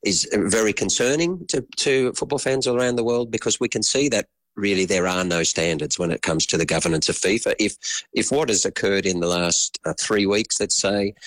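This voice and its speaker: Deep, earnest Australian male guest, halting delivery, dry close sound. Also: a bit bright, dry recording. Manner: earnest, halting, many restarts. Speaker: guest analyst. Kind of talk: live interview answer.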